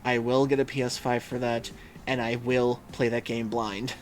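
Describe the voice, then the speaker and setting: A man's voice: mid-range voice, level tone, normal speed, slight background noise. A man hosting a livestream in casual chat, reading viewers' messages aloud and musing with frequent hums and fillers. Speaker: livestream host.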